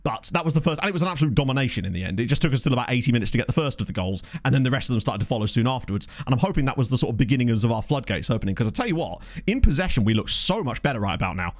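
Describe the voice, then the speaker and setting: A man giving chatty, excitable live commentary on a football management game he is playing. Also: medium pitch, rapid-fire, hardly any pauses. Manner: excitable, chatty, thinks aloud. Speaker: video game streamer.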